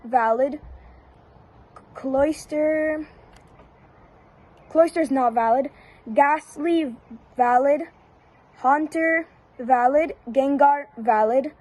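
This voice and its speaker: High-voiced woman giving slow verdicts. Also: poor audio. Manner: flat, repetitive one-word verdicts with brief hesitations. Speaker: YouTuber. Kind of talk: casual rapid-fire verdicts on a list.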